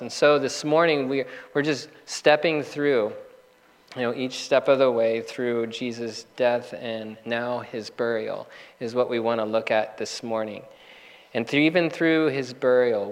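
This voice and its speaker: A male pastor delivers a sermon in an earnest, measured way, leaning on slow, deliberate pauses. His voice sits at an ordinary middle pitch. The sound carries a long reverb, like a church hall.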